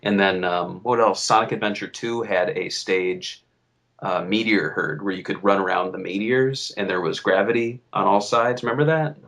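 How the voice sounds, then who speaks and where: A man's voice: fairly low pitch, steady tone, moderate pace, creaky, fairly bright tone. A man co-hosting a podcast, chatting casually and rambling with fillers. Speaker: podcast co-host. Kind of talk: casual chat.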